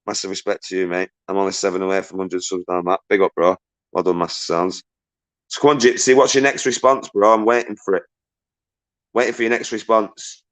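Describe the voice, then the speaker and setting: A man's voice: deep voice, fairly even intonation, a little fast. A man on a livestream, agitated and swearing as he reads out and answers viewer messages. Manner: agitated and ranting, swears often, shouts out viewers.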